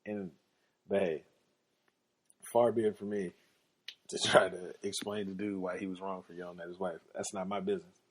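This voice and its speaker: A man hosting a podcast, telling casual stories in an animated, slangy way and laughing often. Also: low voice, normal speed, pauses often, slightly rough. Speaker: podcast host. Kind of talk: casual storytelling.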